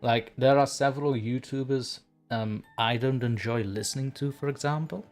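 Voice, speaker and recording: Man hosting a casual chat, laughs a lot, says what he thinks, some soft music in back. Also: medium pitch, normal speed. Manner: chatty, laughs often, blunt opinions. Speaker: podcast host.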